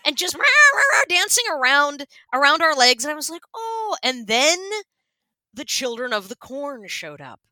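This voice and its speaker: Speaking at normal speed in a high-pitched voice, with no room sound, this Washington state, US, podcast co-host tells a story in casual chat. She's animated, uses many fillers, and acts out the quoted voices.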